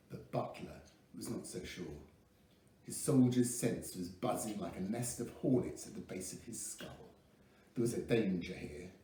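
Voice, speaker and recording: A man reading a novel aloud with lively expression. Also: fairly low pitch, measured pace, a little hiss or hum. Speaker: audiobook reader. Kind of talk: scripted narration. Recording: echoey room, mic at a distance.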